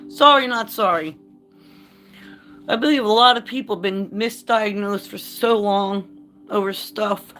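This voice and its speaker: A woman speaks straight to her camera in a candid vlog, blunt and full of swearing. Her voice sits at an ordinary pitch and carries real heat. Faint music plays underneath. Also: a little slow, pushed and bright. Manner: blunt, profane and impassioned, reads aloud then rants. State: choked up. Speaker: vlogger.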